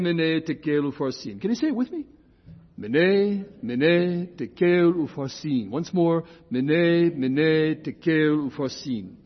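An older man lecturing on scripture speaks in a slightly high, husky voice, giving an informal, chatty talk full of digressions, restarts, and mid-sentence self-corrections. He slows way down to explain key terms. The recording sounds muffled and lo-fi.

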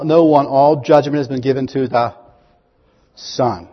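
A man preaching a sermon, reading scripture aloud and asking his listeners questions, rising to loud, high proclamations. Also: fairly even intonation, a little slow, husky. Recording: dull, long-echo hall recording.

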